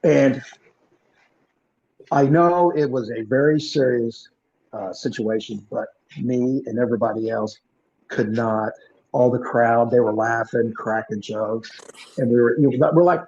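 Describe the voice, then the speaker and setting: A male podcast host and former police officer telling a story in an animated, punchy way, acting out the dialogue. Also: medium pitch. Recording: muffled lo-fi recording.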